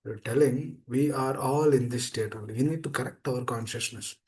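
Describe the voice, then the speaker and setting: A man's voice: medium pitch, normal speed, darkish tone. A man giving a scripture class, emphatic and repetitive, speaking over a video call. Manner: repetitive, emphatic, pleading "please understand". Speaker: preacher.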